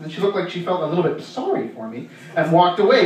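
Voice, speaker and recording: A young man from Canada works through a stand-up set, his voice sitting a little high. He rambles, stumbles and restarts between bits. The sound is very echoey and set back from the mic, like a small club heard from across the room. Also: distant mic. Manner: rambling, halting delivery with many fillers and restarts. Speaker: stand-up comedian. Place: comedy club stage.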